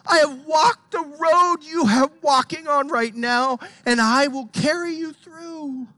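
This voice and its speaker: A preacher voicing Christ as a solemn, reassuring savior, proclaiming loudly in a sermon. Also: sits high, slow pace, no echo, voice pushed up, exaggerated voice. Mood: fervent. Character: tender, solemn risen Christ.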